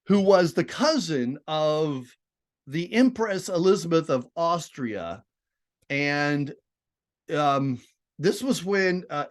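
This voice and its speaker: A male literature teacher lectures in an animated, digressive way. His fairly high voice leaps up for emphasis and drops to quiet asides. The pitch moves widely from line to line. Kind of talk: classroom lecture.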